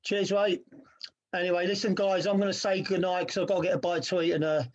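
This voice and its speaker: A man's voice: sits high, level tone, fast. A man from England hosting, thanking a guest modestly and signing off in casual chat. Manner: modest, laughing, says cheers mate. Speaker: host. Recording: slightly dull lo-fi sound.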